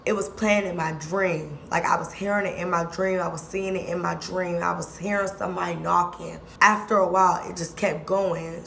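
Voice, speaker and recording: A woman's voice: lowish voice, creaky, a bit bright, a little hiss or hum. A young woman vlogger telling a story in casual, slangy speech, repeating lines for emphasis.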